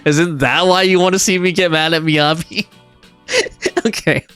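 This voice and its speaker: A man's voice: on the high side, fairly even intonation, moderate pace, a bit bright, clear, resonant tone, no room sound, faint music behind. A man streaming a video game live, chatting and rambling as he plays and reads chat aloud. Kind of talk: live gameplay commentary.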